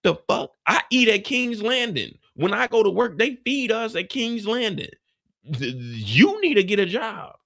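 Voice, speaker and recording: A man's voice: high-pitched, sing-song, measured pace, vocal fry, a bit bright. A man hosting a live show recap, delivering a profane, heated comedic rant as if he were a character from the series.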